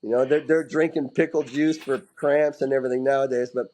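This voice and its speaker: A middle-aged former hockey player, appearing as a guest in a casual interview, tells rowdy stories with lots of energy, often restarting his sentences and swearing casually. His voice sits at a medium pitch and moves a little fast, and the audio quality is poor.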